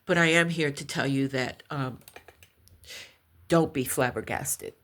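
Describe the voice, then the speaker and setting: A middle-aged woman vlogger telling a personal story slowly and with heartfelt intensity. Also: rumbling low, a bit bright. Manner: slow, heartfelt, intense retelling.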